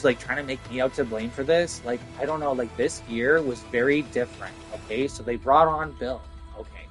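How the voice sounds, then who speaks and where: A young man ranting casually about losing his job, frustrated and sweary, filling his talk with "like". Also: on the high side. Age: young adult. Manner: frustrated, swearing, heavy "like" fillers. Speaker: vlogger. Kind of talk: casual rant to camera.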